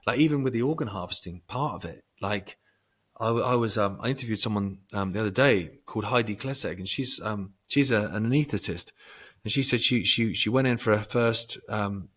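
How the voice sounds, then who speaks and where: A man speaking as a guest in a casual conversation. He swears freely and breaks into bursts of loud emphasis. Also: fairly low pitch, fairly quick, breathy edge. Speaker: podcast guest.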